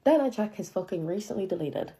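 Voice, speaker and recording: In a warm, mid-range voice, a young woman talks fast and expressively through a dramatic story about herself. It's a profane, chatty retelling heavy on filler "like," full of disbelief at what happened.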